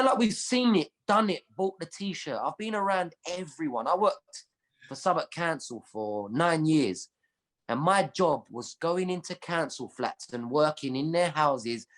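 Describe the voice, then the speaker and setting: A man with a London accent, a comedian chatting as a podcast guest and telling animated stories full of street slang. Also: a little high. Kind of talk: casual chat.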